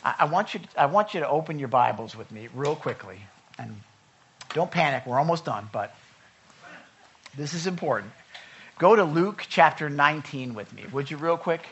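A man preaching a sermon in a conversational way, urging his listeners loudly one moment and reading scripture in a hushed voice the next. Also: on the high side, animated, normal speed, lo-fi sound, a little hiss or hum. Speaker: pastor.

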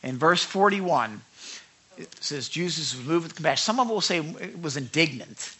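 Bright-voiced preacher man, animated. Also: on the high side, moderate pace, breathy edge. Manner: animated, talks with the congregation and acts out quotes. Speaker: pastor. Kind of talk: sermon.

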